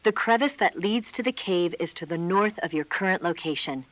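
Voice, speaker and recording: An actress playing a cool, composed female spy who briefs a soldier over the radio in calm, measured video game dialogue. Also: on the low side, a little hiss or hum, natural voice.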